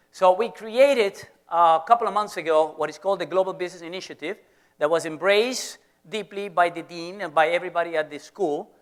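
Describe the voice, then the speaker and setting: A man's voice: high-pitched, fairly bright tone. A middle-aged man with a Venezuelan Spanish accent, a business school professor giving a playful, teasing lecture to students in an auditorium.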